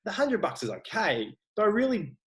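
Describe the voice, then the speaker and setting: A man's voice: high voice, wildly swooping pitch, moderate pace, rough recording. An Australian man, a personal trainer, talking frankly and earnestly in a casual interview, often restarting his sentences. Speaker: online personal trainer, guest.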